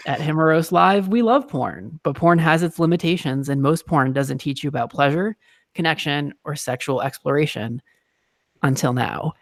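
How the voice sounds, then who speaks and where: A man's voice: fairly high pitch, dry recording, clean studio sound. A man hosting a casual podcast chat, playful and teasing, laughing often as he talks. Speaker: podcast host. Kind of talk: casual chat and read sponsor message.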